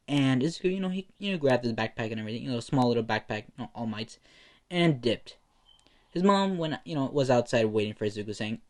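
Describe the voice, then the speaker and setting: A man's voice: medium pitch, expressive, fast. Rambling young man telling a fan story. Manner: rambling, full of fillers and slang. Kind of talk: improvised fan story narration.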